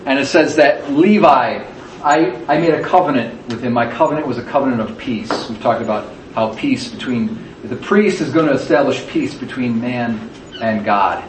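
A man's voice: mid-range voice, normal speed. A man leading a Bible study class, explaining passages and repeating key words for emphasis. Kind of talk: teaching a scripture class. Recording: echoey room, distant mic, faint noise.

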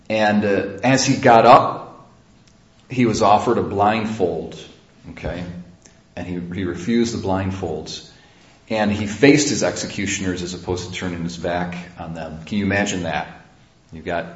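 A man's voice: low voice, roomy sound, highs cut off. A man, a priest, preaching a homily in a conversational way, with many fillers and restarts. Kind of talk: sermon. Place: church.

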